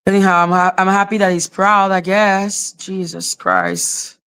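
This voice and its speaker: A woman with a Haitian accent talks on a livestream in a bright, smooth voice. She is sarcastic and scornful, and she swears freely. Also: mid-range voice, flat delivery, a little slow, hardly any pauses. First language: French and Haitian Creole. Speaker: livestream host. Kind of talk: casual livestream commentary.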